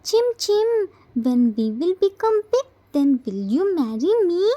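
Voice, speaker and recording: A protective little boy, earnest and reassuring in a storybook reading, voiced by a woman. The voice sits high and mellow and never hurries. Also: very animated, measured pace, highs cut off, exaggerated voice.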